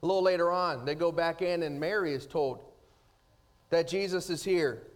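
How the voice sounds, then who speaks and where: A man preaching a sermon, swinging between loud, rising emphasis and hushed, slow passages. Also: fairly high pitch. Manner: dynamic preaching, rising loud then dropping soft. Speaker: pastor.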